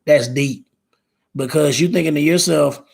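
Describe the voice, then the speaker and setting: A man in his thirties hosts a casual live stream, rambling, repeating words, and reading viewer comments aloud. His voice is fairly high-pitched, unhurried, gravelly and slightly rough.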